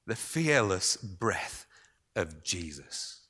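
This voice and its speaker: A man preaching a sermon, moving between raised emphasis and hushed, almost whispered passages. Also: medium pitch, sing-song, extremely slow, breathy edge.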